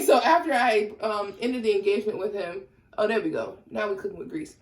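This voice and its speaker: A woman's voice: mid-range voice, animated, quick pace, echoey room, background noise. A young woman chatting casually to her viewers while doing her makeup, sassy and candid, getting heated at times. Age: young adult. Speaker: lifestyle vlogger.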